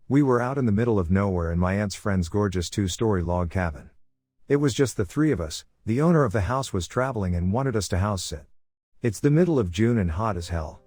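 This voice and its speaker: Scripted horror narration comes from a voice actor reading creepy first-person tales in a fairly low voice. He keeps an even, calm delivery throughout while faint music plays in the background.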